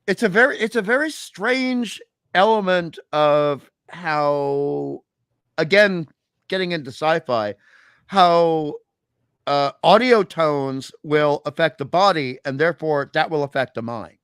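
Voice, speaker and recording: Higher-voiced man, rambling host. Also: lively intonation, fairly bright tone, smooth, dry recording, clean studio sound. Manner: rambling, musing, drawn-out asides. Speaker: podcast host. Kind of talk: casual chat.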